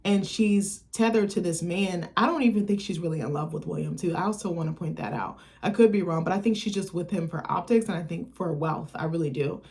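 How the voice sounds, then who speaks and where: A young woman talks through a film's plot from her computer at home, in a loose, rambling way full of "like" and "um." She swears casually, corrects herself often and slips into quick voices for the characters. Her voice sits a little low for a woman. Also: darkish tone. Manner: rambling, swears freely, many fillers and self-corrections. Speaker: vlogger reviewing a film. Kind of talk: casual chat, retelling a plot.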